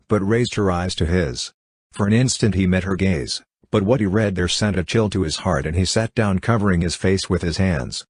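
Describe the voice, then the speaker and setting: A man reading a classic novel aloud as an audiobook narrator, in an even, measured way. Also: low voice, breathy edge, dry recording, studio quality. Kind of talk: scripted narration.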